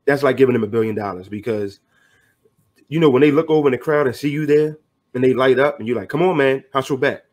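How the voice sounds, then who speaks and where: A man's voice: mid-range voice, fast talker, darkish tone. A middle-aged man talking earnestly as a podcast guest, motivational and loose with slang. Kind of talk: casual podcast conversation.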